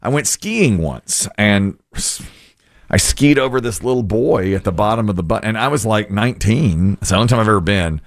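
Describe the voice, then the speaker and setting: Male talk show host, low voice, lively pitch, self-mocking storyteller. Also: normal speed. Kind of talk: casual storytelling chat.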